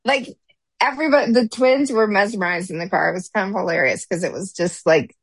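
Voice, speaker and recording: A woman co-hosting a podcast, telling stories in a lively way and laughing often. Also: mid-range voice, brisk, husky, no echo. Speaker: podcast co-host. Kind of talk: casual podcast chat.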